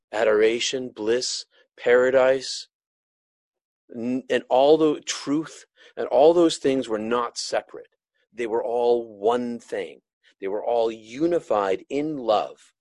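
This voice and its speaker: A man giving an earnest, emotional personal testimony, halting often and restarting his sentences. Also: medium pitch, a little mellow, dry recording. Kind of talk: personal testimony of a near-death experience.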